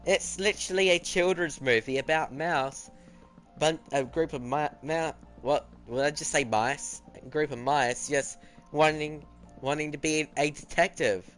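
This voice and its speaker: A man's voice: fairly high pitch, measured pace, fairly bright tone. Chatty teenage boy streaming, faint music. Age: teens. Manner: chatty, answers viewer chat, teasing. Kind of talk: casual chat while gaming.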